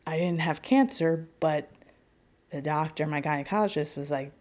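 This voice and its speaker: A woman's voice: low voice, normal speed, darkish tone. A middle-aged woman telling a personal story as a podcast guest, candid and wry, with self-mocking humor. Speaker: podcast guest, spiritual healer.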